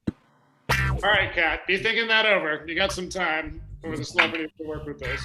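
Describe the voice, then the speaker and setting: A man's voice: high-pitched, moderate pace, pushed and bright. A man hosting an improv comedy game show parody, chatty and jokey, rambling on between questions. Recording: echoey stage room.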